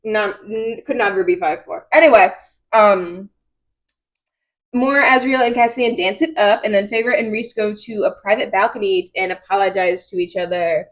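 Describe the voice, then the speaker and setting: A woman's voice: medium pitch, steady tone, normal speed. A young woman co-hosting a casual book podcast, recapping chapters in a loose, chatty way full of "like" and acted-out quotes. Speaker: podcast co-host. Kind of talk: casual book discussion chat.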